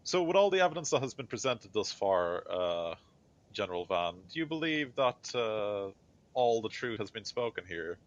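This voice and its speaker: Guy doing a stern judge inquisitor, formal, grilling a witness, deep voice, muffled lo-fi sound. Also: big pitch swings, normal speed. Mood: interrogating. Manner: formal, interrogating. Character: stern male inquisitor judge presiding at a trial. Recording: dull lo-fi recording.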